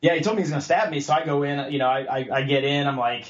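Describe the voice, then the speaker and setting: A man's voice: fairly high pitch, rapid-fire. A man guest on a podcast telling a story casually, acting out other people's lines in a raised voice. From United States. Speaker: podcast guest, jiu-jitsu black belt. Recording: roomy, slightly dull podcast audio.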